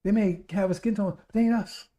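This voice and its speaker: A man's voice: sits high, fairly even intonation, fairly quick, mellow. A man preaching a radio sermon, emphatic and repetitive, speaking straight to his listeners.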